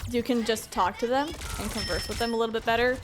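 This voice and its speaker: A woman's voice: a little high, steady tone, fast talker, background noise. A young American woman streaming a game, chatting casually and rambling with lots of fillers. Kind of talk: casual chat while gaming.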